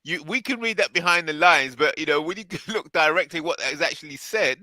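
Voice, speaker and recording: A man's voice: a little high, animated, brisk, pushed and bright, no room sound. A man in a casual podcast chat, often agreeing and cutting in.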